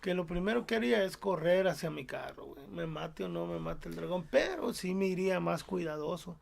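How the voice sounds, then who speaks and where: A man chats loosely on a podcast, joking and hopping between two languages. His voice is heavily gravelly and sits a little high for a man. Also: lively intonation, quick pace. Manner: joking, switching between Spanish and English. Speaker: podcast co-host. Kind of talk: casual chat.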